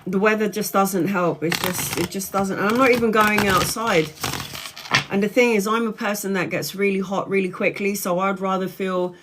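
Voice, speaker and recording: A woman's voice: mid-range voice, steady tone, normal speed, background noise. A woman, congested and bunged up, chatting in a rambling way on a home live stream as a tarot reader and answering viewers' comments. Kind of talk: casual live-stream chat.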